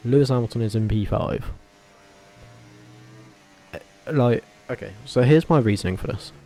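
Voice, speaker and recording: A man vlogging casually, talking in a rambling, animated way with frequent self-corrections and tangents. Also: medium pitch, normal speed, soft background music. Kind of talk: casual opinionated commentary.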